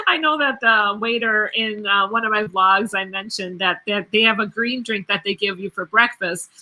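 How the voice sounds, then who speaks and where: A woman's voice: medium pitch, a little slow, pushed and bright, low-quality recording. A middle-aged woman hosting a casual livestream, chatting and reading out viewer comments with lots of fillers and frequent giggles. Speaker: host of a cruise livestream.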